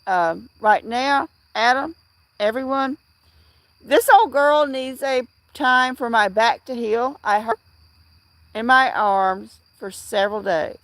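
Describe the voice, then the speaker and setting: Woman, middle-aged, livestream chat, slow hesitant speech, dry close mic. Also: a little high, fairly bright tone, no room sound. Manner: rambling, halting, with many fillers and restarts; replies to chat viewers by name. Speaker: livestream host.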